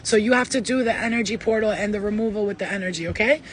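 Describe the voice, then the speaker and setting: A woman giving a casual spiritual reading, rambling and emphatic, blunt and sometimes swearing, moving between loud urging and soft asides. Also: mid-range voice, quick pace, slight background noise. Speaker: spiritual reader. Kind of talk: casual channelled tarot-style reading.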